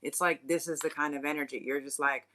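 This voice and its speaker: Bright-voiced blunt, profane spiritual reader. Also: mid-range voice, steady tone, fast talker, slight background noise. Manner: blunt, profane and emphatic, with many restarts; speaks straight to the viewer as "you guys". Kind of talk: unscripted channeled reading monologue.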